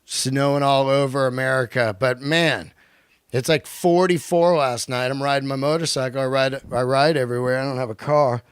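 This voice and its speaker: A male podcast host delivering a profane, animated comedic rant on his own. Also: medium pitch, moderate pace, clean tone, no echo, clean studio sound. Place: lives in Los Angeles.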